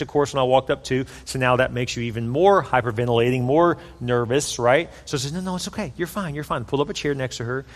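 A man's voice: mid-range voice, big-room sound. A man preaching a sermon in an earnest, conversational way, repeating phrases for emphasis. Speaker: pastor.

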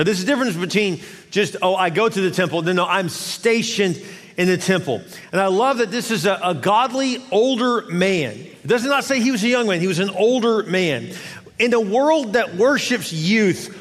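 Man, pastor, fervent sermon, high voice, long hall reverb. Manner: fervent, rising to shouting exhortation. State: winded at times.

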